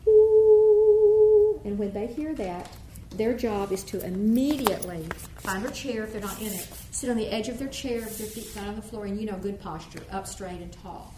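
A woman choir director giving a workshop, explaining and demonstrating warm-ups and singing vowels for her listeners. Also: mid-range voice, a little fast, hardly any pauses, noisy background. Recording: echoey room with faint ambience.

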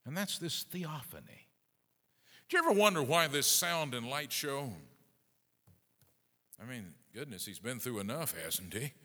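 A middle-aged male pastor preaching a sermon, swinging between booming emphasis and hushed asides. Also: animated, unhurried, long pauses. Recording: long reverb of a large hall.

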